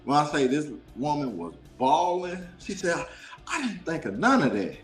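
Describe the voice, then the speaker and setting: Guy with a high voice telling a story all fired up, roomy echo, bit of music behind. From Dallas, Texas. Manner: animated, preachy storytelling with quick voice shifts. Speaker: guest. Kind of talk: casual storytelling.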